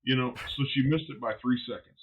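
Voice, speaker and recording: A man who is a barbecue pitmaster, guesting on a podcast and telling stories in a blunt, animated way, swearing freely. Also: medium pitch, quick pace, husky, phone-quality sound. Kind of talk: casual podcast storytelling.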